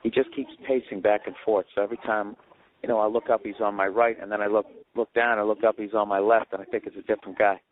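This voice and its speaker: A man's voice: on the low side, flat delivery, quick pace, narrow, tinny audio. A man ranting sarcastically and profanely as a comedy podcast host, recorded in an airport waiting area on a phone. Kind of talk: rambling comedic rant.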